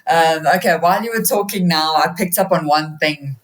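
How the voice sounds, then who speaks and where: A woman's voice: deep voice, moderate pace. A woman hosting a podcast interviews her guest in a conversational way, rephrasing her questions as she goes. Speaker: podcast host.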